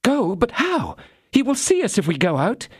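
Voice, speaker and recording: A high, lifted voice for an anxious young woman, loyal and easily alarmed, as a male narrator puts her on. Her lines swing widely in pitch with pleading urgency. The recording is close and dry. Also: wildly swooping pitch, moderate pace, husky, no echo, exaggerated voice.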